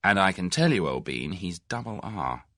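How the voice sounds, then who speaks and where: A man's voice: low-pitched, very animated, normal speed, a bit bright, no echo, clean studio sound. A man voicing a cheerful, breezy young Englishman in an audiobook of a mystery novel.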